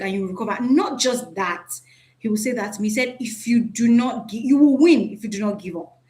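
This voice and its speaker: A woman teaching a live online class over a video call, chatty and often checking in with "right?". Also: on the high side. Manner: chatty, repeats "right?", asks the audience.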